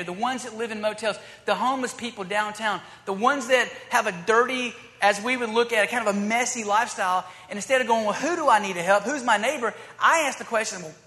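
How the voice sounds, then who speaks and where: Male preacher, high and bright, loose and chatty, acting out the scripture, echoing in a large hall. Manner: conversational, acts out dialogue in scripture. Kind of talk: sermon. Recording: long hall reverb.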